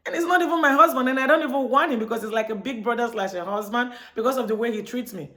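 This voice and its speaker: Quick and fairly bright, with a fairly high pitch, a woman from Chicago tells her viewers a story in a relaxed monologue. As a vlogger, she narrates chattily and plays both parts of the dialogue herself.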